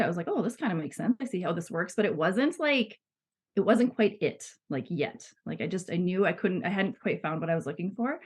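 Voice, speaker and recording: Woman in her thirties, podcast guest, lowish voice, chatty and laughs easily, lots of fillers. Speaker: guest, body psychotherapy student. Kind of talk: casual podcast conversation.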